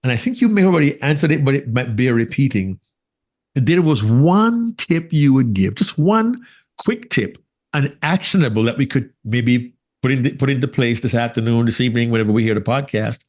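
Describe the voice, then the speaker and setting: A man with a Jamaican accent co-hosting a podcast interview, telling a lively story and laughing easily. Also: mid-range voice, moderate pace. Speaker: podcast co-host. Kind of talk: casual interview chat.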